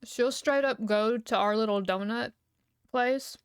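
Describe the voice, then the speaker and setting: Higher-voiced young woman chatting casually. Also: measured pace, smooth, no room sound, studio quality. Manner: relaxed, rambling, hums and giggles often. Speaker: streamer. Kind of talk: casual livestream chat.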